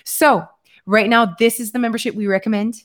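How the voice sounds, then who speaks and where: A woman's voice: a little high, fairly even intonation, a little fast. A woman co-hosting a casual livestream, talking in a chatty way with lots of fillers and restarts. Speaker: co-host of a livestream.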